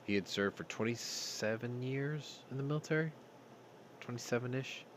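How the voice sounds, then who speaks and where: A man's voice: mid-range voice, normal speed, a little hiss or hum. A man hosting a news commentary show, talking bluntly with heavy profanity and open anger. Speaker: host.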